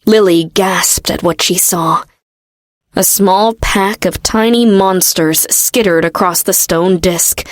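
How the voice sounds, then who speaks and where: An audiobook narrator reads a fantasy novel aloud in scripted narration, telling it steadily and expressively. Her voice is an ordinary middle pitch, and the recording is dry and close with no room sound.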